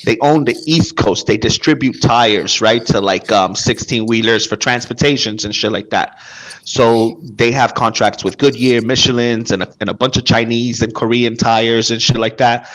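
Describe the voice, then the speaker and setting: A man in casual chat who explains things emphatically, acting out his old sales pitches. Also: steady tone, moderate pace, a bit bright, low-quality recording.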